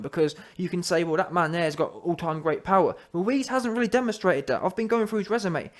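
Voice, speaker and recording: Emphatic British man, high voice. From United Kingdom. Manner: emphatic, rambling, self-correcting. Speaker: boxing commentator. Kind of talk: opinionated casual commentary.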